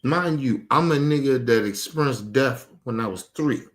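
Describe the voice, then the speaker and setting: In a medium-pitched voice at a moderate pace, a male streamer delivers a heated personal rant about his family, angry, forceful and full of profanity. There's slight background noise.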